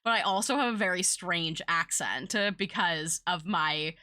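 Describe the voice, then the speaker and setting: A young American woman with a slightly low voice speaks at a normal speed, her tone pushed and bright. Her Southern accent carries touches of British vowels as she streams, chatting casually while drawing. She rambles a lot, full of filler words and laughter.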